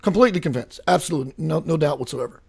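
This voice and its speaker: Earnest male host, a touch high-pitched, dry close sound. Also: animated, racing, vocal fry, darkish tone, breathy edge, dry recording. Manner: earnest, emphatic, fervent. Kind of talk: casual talk show conversation.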